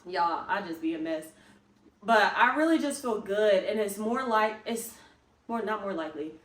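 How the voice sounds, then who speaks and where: A woman's voice: mid-range voice, lively intonation, moderate pace. Chatty woman vlogging in a roomy space. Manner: chatty, rambling, emphatic and self-encouraging. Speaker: fitness vlogger. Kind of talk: casual vlog talk to camera. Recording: roomy, picked up from a distance.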